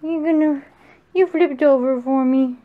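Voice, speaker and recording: A woman's voice: high voice, fairly even intonation, unhurried, phone-quality sound. A young woman vlogging on a handheld camera, chatting casually and cooing in baby talk to her pets. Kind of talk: casual handheld vlog chat.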